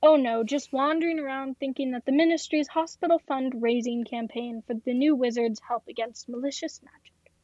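Woman playing a flamboyant wizard man, smiling, high voice, dull recording. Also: fairly even intonation, normal speed, darkish tone, no room sound, close to an everyday voice. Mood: breezy.

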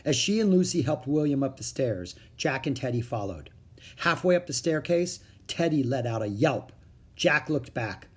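A man reading a children's chapter book aloud, with expressive, dramatic storytelling. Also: mid-range voice, normal speed, husky. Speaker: narrator.

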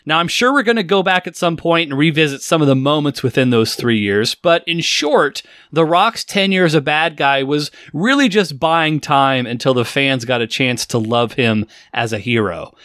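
A man's voice: a little high, animated, moderate pace, hardly any pauses, a bit bright, dry recording, clean studio sound. A man in his forties hosting a podcast in a jokey, chatty way, now and then bursting into silly voices. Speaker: podcast host. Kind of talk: casual podcast chat.

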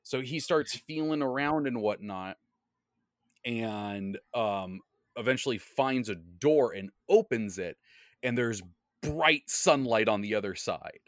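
A man's voice: medium pitch, animated, takes it slowly, no echo, clean studio sound. A man recapping a tabletop game session as its game master, in casual rambling talk full of fillers and self-corrections. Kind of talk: casual podcast storytelling.

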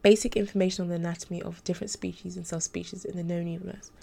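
A woman's voice: fairly low pitch, little pitch movement, racing, gravelly, warm tone, slightly rough. A woman reading the part of a troubled young female angel tutor in a formal, hesitant, restrained way. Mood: earnest.

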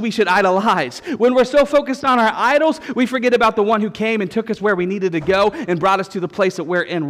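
A male pastor preaching a sermon, telling stories with repeated refrains in an animated way. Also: very high voice. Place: church sanctuary. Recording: long reverb of a church hall.

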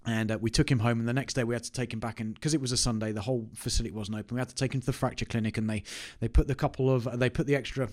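A man's voice: medium pitch, steady tone, very fast, hardly any pauses, a little mellow. A man, telling a personal story to camera in a chatty, self-mocking way. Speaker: business owner vlogger. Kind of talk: casual anecdote to camera.

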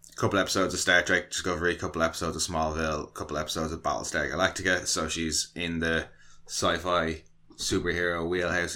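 A man's voice: sits low, sharp tone. A man co-hosting a casual podcast, joking and laughing as he reads from his notes. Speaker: podcast co-host. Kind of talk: casual chat.

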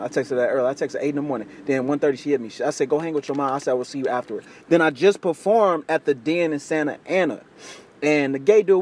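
A young man telling a crude, slangy story in casual chat, acting out other people's voices with big jumps. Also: slight background noise. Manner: animated, acts out quoted voices with big pitch jumps; crude slangy street talk.

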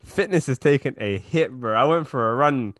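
A young man, co-hosting a podcast in relaxed, joking chat and steering the conversation. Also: medium pitch, moderate pace, no echo, studio quality. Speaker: podcast co-host. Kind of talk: casual chat.

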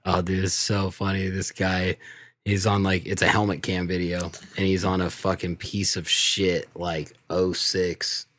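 A man's voice: sits low, monotone, measured pace, a bit bright. A young man co-hosting a podcast, telling stories in laid-back casual chat. He laughs often and swears. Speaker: podcast co-host.

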